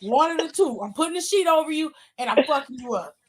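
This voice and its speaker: A woman with a high-pitched voice, co-hosting a live stream as casual chat. She talks in a loud, blunt, profane way and laughs a lot. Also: animated, quick pace, noisy background. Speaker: stream co-host.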